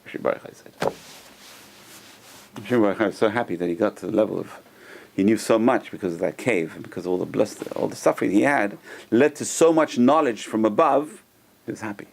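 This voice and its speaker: Gravelly-voiced rabbi teaching a class. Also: male voice, fairly low pitch, quick pace. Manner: conversational, repeats himself, tells stories with chuckles. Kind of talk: Torah lesson with storytelling.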